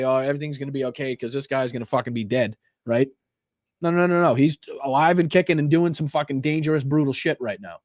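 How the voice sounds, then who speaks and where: A man's voice: mid-range voice, darkish tone, no room sound, clean studio sound. A man ranting on a political live stream, swearing heavily, stressing words and tagging lines with "right?". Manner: heavy swearing, emphatic, repeats 'right?'.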